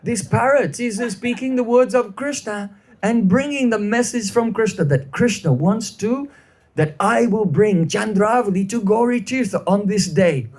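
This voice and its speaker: A man voicing an excited, proud young cowherd woman in a devotional story, gushing breathlessly. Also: sits high, moderate pace, voice pushed up. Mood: thrilled.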